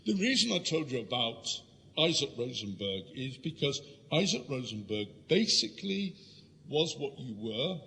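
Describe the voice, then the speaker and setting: In a reverberant lecture hall, a male guest lecturer from London speaks at medium pitch and normal speed, with vocal fry and a slight hiss or hum in the recording. His illustrated history talk is full of lively stories told straight to the audience.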